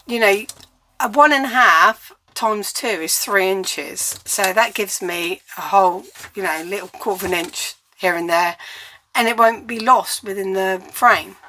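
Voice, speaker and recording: A woman's voice: mid-range voice, unhurried, bright, forceful tone, slight background noise. An English woman giving a chatty, step-by-step cardmaking tutorial while she works at her crafting table.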